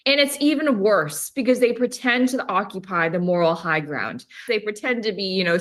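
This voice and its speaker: A woman's voice: medium pitch, bright, forceful tone. A woman speaking as a political fundraiser guest on a TV interview, indignant and emphatic.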